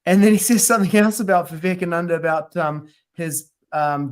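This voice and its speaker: A man's voice: a little high, fairly even intonation, brisk. A man co-hosting a podcast, chatting casually and telling stories with slang and mock quotes. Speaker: podcast co-host. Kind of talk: casual chat.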